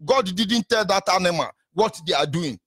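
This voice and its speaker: A man's voice: high voice, expressive, moderate pace, a bit bright, slightly rough, no room sound, clean studio sound. A man with a Nigerian accent hosting a call-in talk show, speaking in an impassioned, preachy, rallying way. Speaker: radio talk show host.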